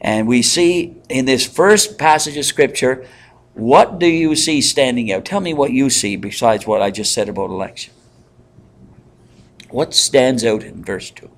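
A man leading a Bible study in a conversational way, pausing with fillers and asking the group questions. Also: medium pitch. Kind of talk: interactive Bible teaching.

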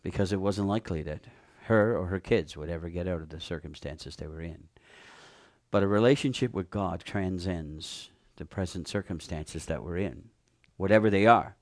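A man preaching a sermon, retelling a Bible story with animated, fervent emphasis. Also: low voice, moderate pace, no echo, studio quality.

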